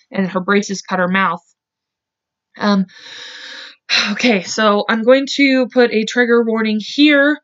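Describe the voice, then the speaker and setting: A woman's voice: medium pitch, fairly bright tone, lo-fi sound. An American woman hosting a true crime podcast, retelling events in a casual, filler-heavy way and swearing when angry. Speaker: podcast host.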